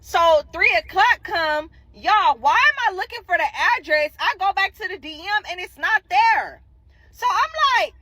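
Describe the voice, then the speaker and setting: A young woman telling a dating story in casual, profane, animated talk, acting out quotes. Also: very high voice, normal speed, a little hiss or hum, poor audio.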